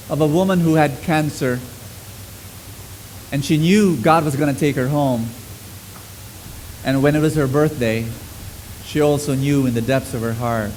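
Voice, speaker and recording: A middle-aged man preaching a sermon to a congregation, swinging between loud exclamations and soft, low lines. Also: slight background noise, poor audio.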